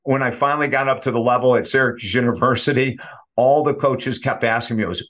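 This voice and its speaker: Energetic storytelling man, sports coach guest. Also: mid-range voice, brisk. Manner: energetic storyteller acting out quoted voices.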